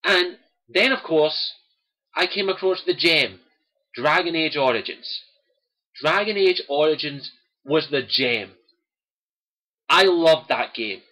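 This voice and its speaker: A young man with a Scottish accent talks straight to his stream viewers in a personal monologue. His voice sits high for a man and comes out bright and forceful. He is earnest and impassioned, returning again and again to the same phrases. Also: lively intonation, slow, long pauses. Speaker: host of a gaming livestream.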